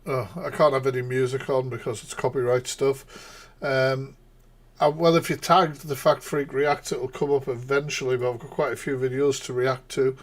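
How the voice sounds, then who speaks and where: A man's voice: mid-range voice, flat delivery, moderate pace. A man hosting a live reaction stream, rambling and laughing, with sarcastic asides. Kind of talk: casual live-stream commentary.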